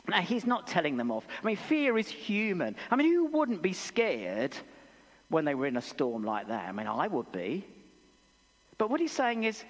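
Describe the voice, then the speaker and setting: A man with an English accent preaching a sermon in a church, telling stories with animated, acted-out voices. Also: high-pitched, normal speed. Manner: animated storytelling, acts out voices. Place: church hall. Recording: long church reverb.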